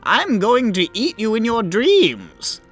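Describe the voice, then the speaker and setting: A man's voice: very high-pitched, big pitch swings, slow pace, a bit bright, faint music behind, voice pushed up, heavily acted. A man voicing a creepy old woman healer in a raised, sing-song voice.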